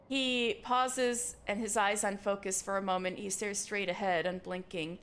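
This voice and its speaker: A woman streaming a video game live, reading its text aloud in a giggly, excitable way. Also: medium pitch, moderate pace.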